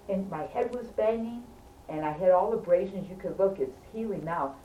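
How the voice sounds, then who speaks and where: A woman telling a casual story to friends in an animated, emphatic way, often checking in with her listeners. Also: lowish voice, moderate pace. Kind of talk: casual anecdote. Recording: roomy, distant, faint background hum.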